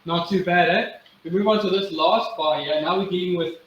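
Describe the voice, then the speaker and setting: A man's voice: high voice, brisk, dull audio, heavy background noise. A male drumming instructor demonstrating exercises, counting aloud and chanting rhythms with patient encouragement. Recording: echoey room with loud drumming. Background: loud drum playing.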